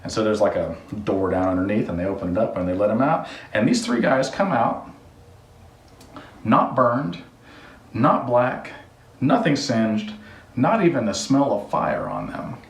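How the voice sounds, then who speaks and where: In a house under renovation, a contractor hosts a casual DIY vlog, rambling through stories and cracking jokes. His voice is fairly low and sing-song with vocal fry, and he takes his time. He's off-mic, so the sound is roomy.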